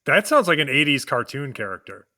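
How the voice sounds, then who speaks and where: A man's voice: mid-range voice, very animated, a little fast, bright, forceful tone, no echo, clean studio sound. A man with a Wisconsin accent co-hosting a podcast in loose, casual chat, peppered with swearing and "you know". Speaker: podcast co-host.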